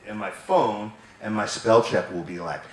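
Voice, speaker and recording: A man's voice: on the low side, moderate pace, reverberant, noisy background. A man doing a self-deprecating stand-up routine, giggling at his own jokes. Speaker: guest comedian.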